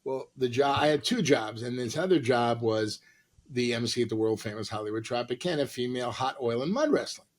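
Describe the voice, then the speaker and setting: A man's voice: mid-range voice, brisk. A man who is a comedian and actor, a podcast guest telling a long, rambling, profane anecdote full of quoted dialogue.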